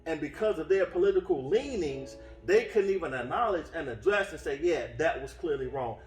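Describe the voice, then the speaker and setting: An animated man with a somewhat high voice preaches at a moderate pace, earnestly teaching while often restarting his phrases and adding fillers. The recording catches him from some distance, with room echo and faint music behind.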